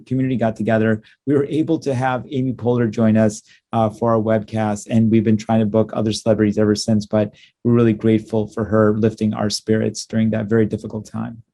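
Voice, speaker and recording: Male clinician presenter, mellow voice, hesitant delivery with frequent fillers, conference talk. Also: fairly low pitch. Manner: halting, many ums and uhs, warm and upbeat.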